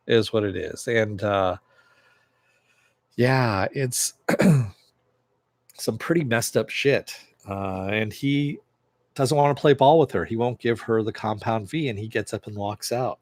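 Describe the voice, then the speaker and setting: A man's voice: fairly low pitch, normal speed, no echo. A man casually recapping a TV episode, retelling scenes loosely with fillers and occasional laughs. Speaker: show reviewer.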